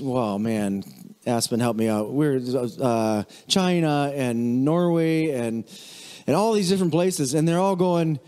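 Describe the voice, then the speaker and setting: Pastor, male, casual chatty sermon, fairly high voice, big church hall reverb. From United States. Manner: chatty, animated, mimics voices in high-pitched bursts.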